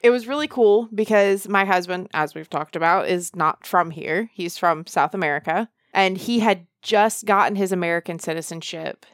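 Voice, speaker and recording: A woman's voice: lowish voice, dry recording, clean studio sound. Playful, teasing woman co-host. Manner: playful, teasing, quick to laugh. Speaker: podcast co-host. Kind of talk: casual chat.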